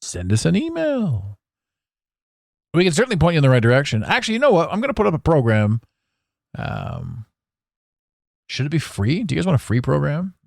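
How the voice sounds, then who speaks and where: A man hosting a solo podcast monologue, animated and theatrical, swearing now and then. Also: fairly high pitch, brisk, creaky, long pauses, dry recording, clean studio sound. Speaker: podcast host.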